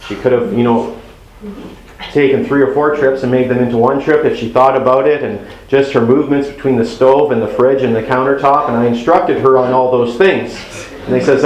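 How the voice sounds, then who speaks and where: A man speaks as a pastor to an audience in a sermon-style talk about marriage, keeping it conversational and funny as he acts out little quotes from spouses. His medium-pitched voice is steady and brisk. The audio is poor and reverberant.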